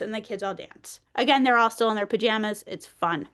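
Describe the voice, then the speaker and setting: A woman presenting an early childhood workshop, playful and animated, talking straight to the group like a teacher. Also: medium pitch, fairly quick, few pauses, clear, resonant tone.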